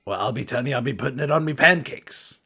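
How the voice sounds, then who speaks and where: A man doing a gruff pirate-talking old quarterback. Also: mid-range voice, lively intonation, quick pace, bright, forceful tone, full character voice. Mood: blustering. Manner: pirate slang, gruff and blustering. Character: swaggering retired male football quarterback talking like a pirate.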